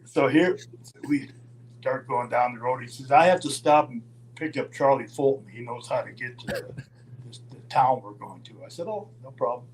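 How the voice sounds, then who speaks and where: An older man from Minnesota telling road stories in a casual, animated way, acting out the voices of the people in them. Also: medium pitch, normal speed, slight background noise, rough recording. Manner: animated storyteller, acts out quoted voices, chuckles. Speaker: storyteller guest.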